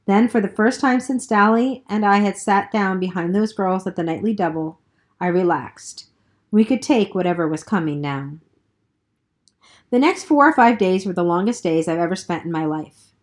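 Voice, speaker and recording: A woman reading a novel aloud in a steady first-person narration, with the occasional slip. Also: mid-range voice, normal speed. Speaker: reader.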